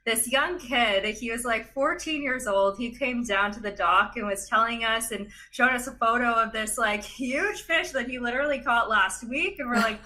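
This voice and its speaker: A young woman, a podcast guest, telling a story in an animated, chatty way with lots of laughs and fillers. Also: on the high side, moderate pace. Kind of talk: casual storytelling in a chat.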